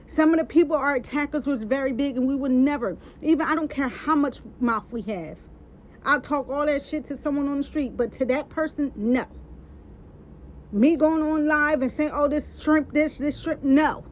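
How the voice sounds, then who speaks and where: A woman speaks in a high voice, heated and emphatic, hammering her points home through repetition. The sound is dull and lo-fi, with faint noise behind her. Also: normal speed. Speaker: social media personality. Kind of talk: impassioned live-stream rant.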